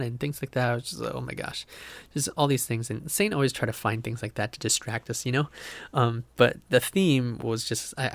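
A man's voice: medium pitch, no room sound. Earnest man in a dry room. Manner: earnest, rambling, self-interrupting with laughs. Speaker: pastor hosting a podcast. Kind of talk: casual devotional talk.

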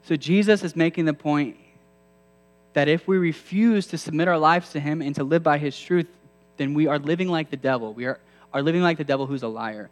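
A man's voice: fairly high pitch, fairly quick. A male preacher giving a sermon in a conversational way, often asking his listeners questions. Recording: long hall reverb.

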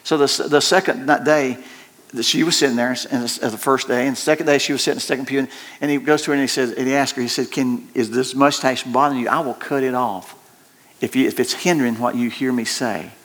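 A male pastor preaches in a folksy, storytelling manner. His voice sits at a middle pitch and climbs high when he gets excited, with laughter breaking into his sentences. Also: quick pace. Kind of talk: sermon.

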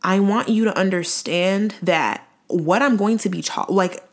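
Young woman, podcast host, earnest preachy monologue with emphatic slow-downs. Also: mid-range voice. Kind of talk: faith-based podcast monologue.

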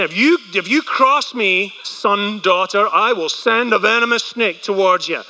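Male pastor, high and very bright voice, animated joking sermon, long hall reverb. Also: moderate pace, few pauses. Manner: animated, joking preacher with rhetorical questions.

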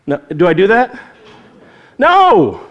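A man with a notably high, light voice delivers a sermon in church. He preaches in an earnest, conversational way, moving between scripture and personal asides. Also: huge pitch swings, slow pace, a bit bright, muffled recording. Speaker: pastor.

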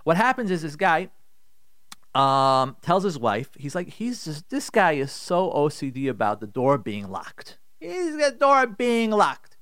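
A man giving a radio Torah talk as a rabbi, conversational and animated, acting out voices in his stories. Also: on the high side, a little slow, no room sound, clean studio sound. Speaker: rabbi, radio show host.

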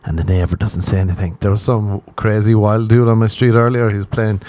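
Rambling crude podcast host, low voice. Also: male voice, brisk, hardly any pauses, a little mellow, no room sound. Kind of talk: solo rambling comedy podcast.

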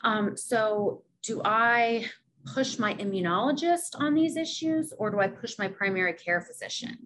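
Woman interviewer, mid-pitched, steady questions, faint hiss behind. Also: measured pace, low-quality recording.

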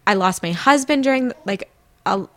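A young woman co-hosting a podcast, talking candidly in a halting way and often breaking off mid-sentence. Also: medium pitch, expressive, a bit bright, no echo. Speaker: podcast co-host. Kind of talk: emotional casual chat.

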